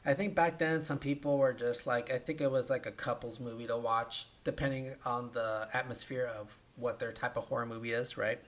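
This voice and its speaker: A man co-hosting a casual podcast, retelling a film plot in an animated way, acting out the characters' lines and often asking "right?". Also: medium pitch, normal speed, few pauses. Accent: Californian. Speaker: podcast co-host. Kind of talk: casual movie recap chat.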